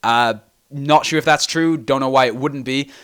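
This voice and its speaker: A man's voice: mid-range voice, moderate pace, a bit bright, clean tone. A young man hosting a casual game tutorial, rambling and self-deprecating, sounding tired. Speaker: video game tutorial host.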